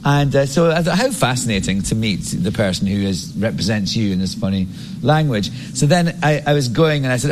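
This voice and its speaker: A man's voice: medium pitch, a little fast. Guy telling a funny story, laughs a lot, bit of hiss behind him. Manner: animated storyteller, laughs through punchlines. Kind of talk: anecdote on an interview clip.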